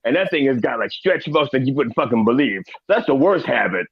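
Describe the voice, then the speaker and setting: A man's voice: medium pitch, animated, a little fast, creaky, slightly rough, dry recording, dull audio. A man playing a crude older reverend character, rambling and profane with preacher-like asides, in a studio. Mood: mixed. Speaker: comedic guest in character. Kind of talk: improvised comedy in character.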